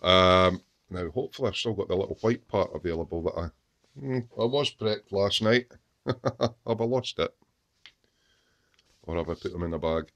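A man's voice: deep voice, normal speed, long pauses, fairly bright tone. A man with lots of ums and restarts, showing his model truck build in a casual workshop video. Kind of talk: casual workshop show-and-tell.

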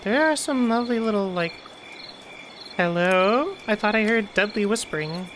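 A woman's voice: mid-range voice, lively intonation, moderate pace, fairly bright tone, slight background noise. A woman giving let's play commentary on a horror game, chatty and jumpy with frequent laughter. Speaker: gaming streamer.

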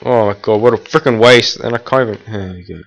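A teenage boy talks over his gameplay in a rambling, casual way, full of fillers and restarts. His voice sits a little low, and he now and then snaps at the game in annoyance. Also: fairly quick, gravelly, highs cut off. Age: teens. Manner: erupts in annoyed outbursts at the game. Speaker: gameplay commentator.

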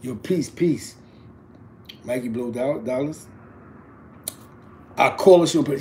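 A man's voice: mid-range voice, takes it slowly, long pauses, dark tone, a little hiss or hum. A man in his forties telling a personal story as a father, with street slang and asides. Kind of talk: casual storytelling to camera.

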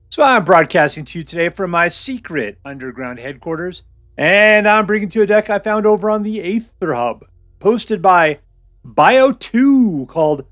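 A man's voice: fairly high pitch, animated, moderate pace, fairly bright tone, dry recording, soft background music, some chatter behind. A man hosting a card game video with goofy, jokey commentary, hyping up his deck. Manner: goofy, jokey, hype-y, puts on silly voices. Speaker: host of a card game channel. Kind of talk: playful gameplay commentary.

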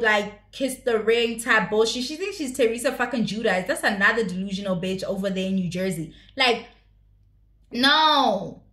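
A woman's voice: fairly high pitch, echoey room. A woman giving casual recap commentary on a reality show, blunt, profane and opinionated.

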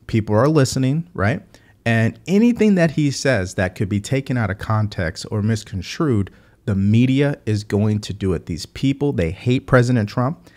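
A man's voice: lowish voice, a little mellow. A man hosting a political commentary channel, speaking emphatically and addressing the viewer directly.

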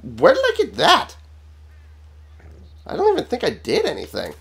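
A man's voice: high-pitched, wildly swooping pitch, moderate pace, gravelly, fairly bright tone. Swearing man narrating his gameplay. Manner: profane, sarcastic, exclaiming at enemies. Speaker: gaming channel host. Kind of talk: casual gameplay commentary. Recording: game music behind voice.

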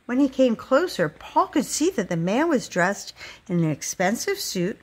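Lively expressive woman storyteller. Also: on the high side, normal speed. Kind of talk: children's picture book read-aloud.

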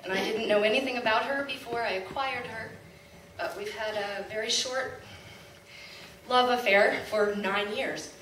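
A woman's voice: a little high, a little slow, a bit bright. Chatty woman on a distant echoey stage. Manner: chatty and fond, laughing often. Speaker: school staff member performing in a talent show. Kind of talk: casual stage talk and poem recitation. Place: school hall stage. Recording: echoey hall recorded from afar with background noise.

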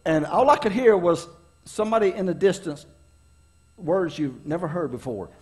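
A middle-aged pastor from preaches with a notably high-pitched man's voice. He tells folksy, funny stories from his own life, rising and dropping for dramatic effect as he draws the lesson. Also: lively intonation, normal speed. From North Carolina, US. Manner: folksy, humorous storyteller with dramatic swings in delivery. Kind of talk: storytelling sermon.

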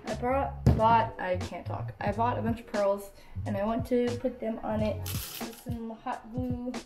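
Slow-talking sick young woman vlogger. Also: fairly high pitch, fairly even intonation, echoey room, music in the background. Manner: chatty, self-deprecating, trailing off. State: sick, congested voice. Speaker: cosplay maker. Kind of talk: casual craft vlog.

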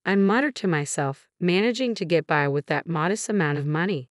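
Low-voiced woman narrating a personal story. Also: expressive, brisk, few pauses, no room sound, clean studio sound.

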